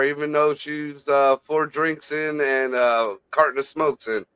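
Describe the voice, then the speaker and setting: A man's voice: a little high, steady tone, measured pace, fairly bright tone, clear, resonant tone, dry recording. A man co-hosting a casual podcast, riffing crude comic stories.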